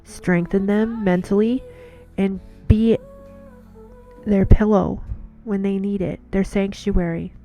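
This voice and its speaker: A woman's voice: mid-range voice, fairly even intonation, takes it slowly, dark tone, soft background music. A woman giving an earnest devotional talk in a casual monologue, telling stories and repeating words as she goes.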